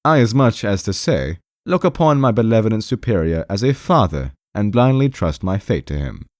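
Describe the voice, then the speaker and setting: A man's voice: medium pitch, big pitch swings, normal speed, darkish tone, no room sound, clean studio sound, pitched above the performer's own voice, lightly acted. A man reading an audiobook, voicing a timid, anxious male clerk who pleads in a trembling voice and keeps repeating the name of the man he addresses. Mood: pleading timidly.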